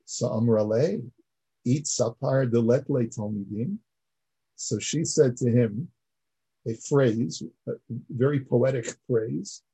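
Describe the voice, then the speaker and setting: A man's voice: mid-range voice, slow, dark tone, slightly rough, low-quality recording. A man teaching a class, explaining earnestly and repeating words as he builds each point. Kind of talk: classroom lecture.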